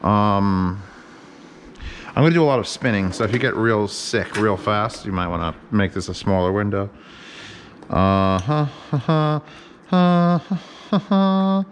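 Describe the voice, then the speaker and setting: This man's voice sits on the low side at a moderate pace, with a little hiss or hum in the audio. As a home cook hosting a laid-back kitchen vlog, he keeps up a joking, profane, rambling commentary while he works.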